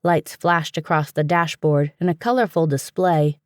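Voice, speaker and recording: A woman narrating a fantasy audiobook in a steady, even storytelling manner, recorded on a close studio mic. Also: low voice, normal speed, no room sound. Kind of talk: scripted narration.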